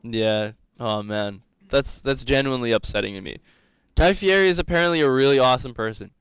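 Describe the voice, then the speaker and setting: A man's voice: medium pitch, expressive, a little fast, fairly bright tone, smooth, no echo. A young man teaching a live coding lecture, rambling and joking, laughing often. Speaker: coding instructor.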